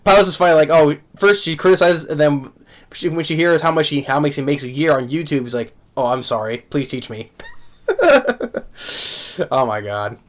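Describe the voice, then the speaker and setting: Halting man with a raised voice. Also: on the high side, animated. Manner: halting, many restarts and repeated words; laughs often while talking. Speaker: anime reviewer. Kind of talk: casual spoken review.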